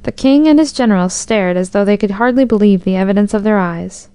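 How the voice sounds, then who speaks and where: A woman narrating a storybook in a measured, expressive reading. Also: medium pitch, smooth, no room sound.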